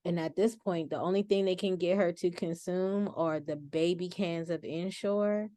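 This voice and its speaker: A woman in her forties speaking as a podcast guest, telling a family story in a casual, expressive way with frequent restarts and self-corrections. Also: lowish voice, normal speed, hardly any pauses, dry recording.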